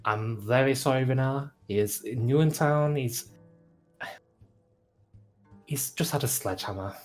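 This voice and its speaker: A man voicing a courteous, soft-spoken gentleman in a tabletop game. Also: mid-range voice, a little slow, soft background music, pitched above the performer's own voice, lightly acted. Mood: soothing. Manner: polite, hushed, gentle.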